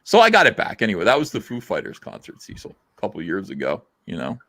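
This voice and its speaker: A rambling, profane man from hosts a live stream, reading chat out loud. His voice sits lowish and swings up and down a lot. The sound is dry and close. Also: huge pitch swings, fast talker, dry recording. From South Jersey, USA. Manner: rambling, profane, lots of fillers.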